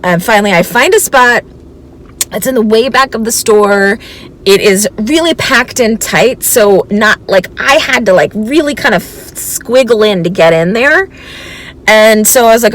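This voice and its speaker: Woman vintage reseller chatting away on her vlog, animated, laughing between bits. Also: on the high side, moderate pace. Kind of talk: casual storytelling vlog.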